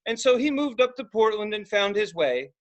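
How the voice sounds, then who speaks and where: A young man co-hosting a podcast, telling an animated story in casual chat and bursting into loud acted-out outbursts. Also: high voice, normal speed, lo-fi sound. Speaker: podcast co-host.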